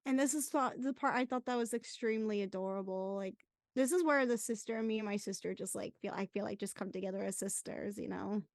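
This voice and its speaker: A young woman co-hosting a podcast, chatting casually through a movie watch-along with soft murmured reactions and chatty asides. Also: medium pitch, a little fast, no room sound, studio quality. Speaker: podcast co-host.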